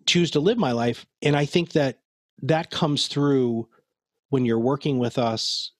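A man's voice: medium pitch, dry recording. Middle-aged man, podcast guest, upbeat and sincere, casual tone, dry close mic. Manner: earnest, upbeat, casual asides. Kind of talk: interview talk.

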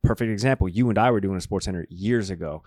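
A man's voice: lowish voice, quick pace, darkish tone, no room sound, studio quality. A man co-hosting a podcast in casual chat, bantering in a playful, teasing way. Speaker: co-host.

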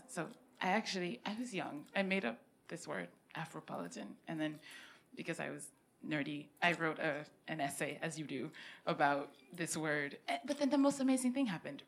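Witty woman author with an American lilt. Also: on the low side. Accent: vaguely American. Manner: animated, witty storytelling with frequent laughs. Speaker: author guest. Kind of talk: on-stage interview.

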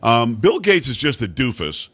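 A man's voice: medium pitch, big pitch swings, moderate pace, a bit bright, slightly rough. A man hosting a talk radio interview, brash and blunt, cutting in on his guest. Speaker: radio talk show host.

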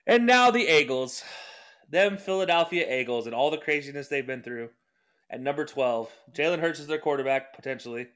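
A man talking football on a casual podcast, lively and sarcastic, often laughing as he goes. His voice sits in an ordinary middle pitch. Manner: animated, laughing, sarcastic asides. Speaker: podcast co-host. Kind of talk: casual sports chat.

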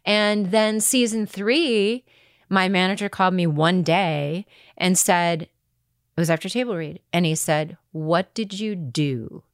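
A woman with a low voice tells stories with animated energy, cursing freely. The sound is dry and close, with no room around it. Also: unhurried, clear, resonant tone, no echo. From Wisconsin, USA. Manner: animated storyteller who swears freely. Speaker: actress guest. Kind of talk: casual interview chat.

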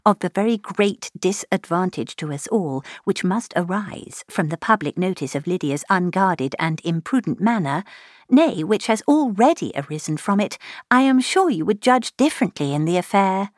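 A sensible young woman pleads her case earnestly, as a woman reader plays her. She speaks plainly, with a lively lift in her voice. The recording is close and dry. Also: lowish voice, moderate pace, dry recording.

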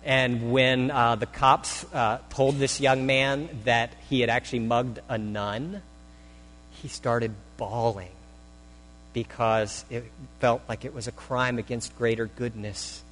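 A man preaching a Sunday sermon in an easygoing, conversational way, slipping in self-deprecating jokes. His voice sits at an ordinary middle pitch. A faint mains hum runs under the recording. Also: steady tone, takes it slowly, a bit bright, rough recording. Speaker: pastor.

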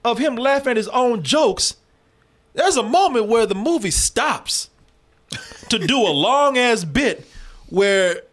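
A man's voice: very high voice, slow. A man co-hosting a casual movie review podcast, swearing freely and laughing as he rants. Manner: animated, profane, laughs often. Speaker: podcast co-host.

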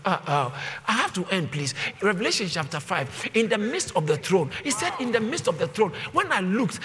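A male pastor preaching with passion, swinging from low murmurs to shouted refrains and repeating phrases for emphasis. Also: in a large hall, a little hiss or hum. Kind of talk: sermon.

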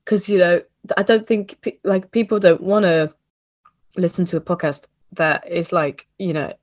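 Male podcast host, casual, halting chatter, dry studio sound. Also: high voice, fairly even intonation, no echo. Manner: chatty, many restarts and "like" fillers.

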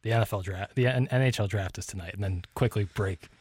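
A low-voiced man co-hosts a sports radio show with dry, joking asides. He drops quick quips and short acknowledgments in casual banter. His voice sounds close and dry in the studio. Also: darkish tone, breathy edge, dry recording. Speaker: radio co-host.

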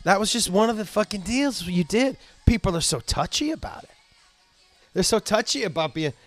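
Middle-aged man, stand-up comic, a touch high-pitched, foul-mouthed ranting monologue. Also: dry recording. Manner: profane, animated ranting with loud outbursts. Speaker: stand-up comedian. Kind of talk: casual monologue.

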